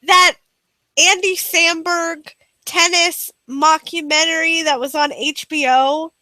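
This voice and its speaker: A woman's voice: very high-pitched, fairly even intonation, slow pace, pushed and bright, no room sound. A woman co-hosting a comedy podcast, chatting casually with giggly, profane, exasperated ranting. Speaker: podcast co-host.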